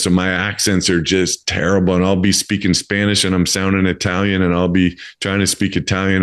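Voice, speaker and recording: A man's voice: sits low, a bit bright. A man in his fifties hosting a casual interview, talking in a rambling way with many fillers and restarts. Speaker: podcast host.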